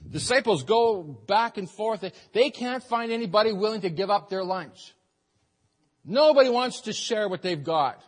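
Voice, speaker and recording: A man preaching a sermon as pastor, animated and rising into emphatic bursts. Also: a little high.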